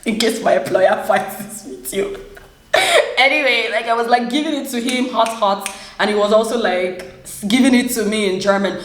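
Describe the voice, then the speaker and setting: A young woman with a Nigerian English accent, telling a personal story to camera, animated and laughing often. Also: medium pitch. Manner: animated, laughs often, acts out quoted voices. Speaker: vlogger. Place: room in a flat in Germany. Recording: echoey room.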